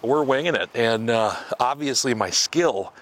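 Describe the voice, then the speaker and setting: A man's voice: mid-range voice, expressive, unhurried, a bit bright. Man, casual outdoor vlog, joking, self-mocking, woods, faint background noise. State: out of breath at times. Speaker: outdoor vlogger.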